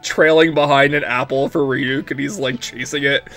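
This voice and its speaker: A man's voice: mid-range voice, steady tone, normal speed, pushed and bright, soft background music. Young male let's-player, mid-range voice, rambling casual delivery, prone to giggles. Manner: rambling, frequent "like", giggly laughing fits. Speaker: let's play commentator. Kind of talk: casual gameplay commentary.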